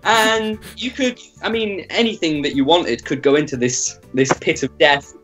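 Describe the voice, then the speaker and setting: A man calmly pitching a dark joke invention as a guest in a party game. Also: normal speed, faint music behind. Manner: deadpan dark humor. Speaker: guest player. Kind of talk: casual game chat.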